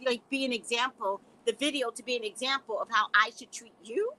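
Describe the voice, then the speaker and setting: A middle-aged woman hosting a live stream as a psychic reader talks a little fast with hardly any pauses, in a fairly high, sharp-toned voice. She's blunt, sassy, and laughing, calling her viewers "guys," over a low-quality recording.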